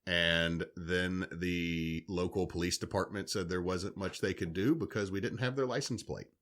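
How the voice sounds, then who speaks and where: Podcast co-host, man, a bit low-pitched, lively storyteller who swears. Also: normal speed. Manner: animated, swears freely, acts out quotes. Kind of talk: casual storytelling chat.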